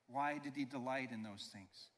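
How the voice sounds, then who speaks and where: A pastor preaching a sermon with emphasis. He slows down to stress key phrases and leads the congregation in call-and-response. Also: mid-range voice, a bit bright. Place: church sanctuary. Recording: long reverb of a church hall.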